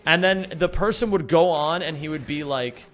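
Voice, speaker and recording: A man's voice: fairly high pitch, moderate pace, fairly bright tone. Profane young man rambling on stream. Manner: rambling, profane, jokey storytelling with put-on voices. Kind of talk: casual livestream chat. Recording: faint music behind.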